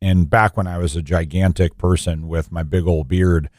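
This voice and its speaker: A man's voice: low voice, steady tone, normal speed, a little mellow, no echo, studio quality. A man co-hosting a faith and fitness talk show, telling stories and giving motivational encouragement. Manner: motivational, anecdotal, preachy. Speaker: co-host. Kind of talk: faith podcast conversation, storytelling.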